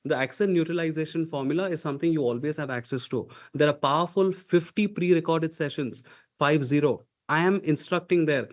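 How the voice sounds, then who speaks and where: A man's voice: on the high side, dull audio. A man coaching pronunciation in a live online workshop. He speaks emphatically, demonstrates sounds aloud and keeps checking in with "okay?". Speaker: communication coach.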